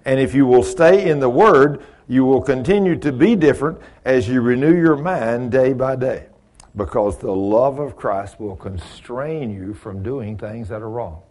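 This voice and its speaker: A man's voice: mid-range voice, measured pace, darkish tone. A man teaching a Bible study in a folksy, conversational way, asking the group questions and acting out little exchanges. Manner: folksy, asks the group questions, acts out dialogue.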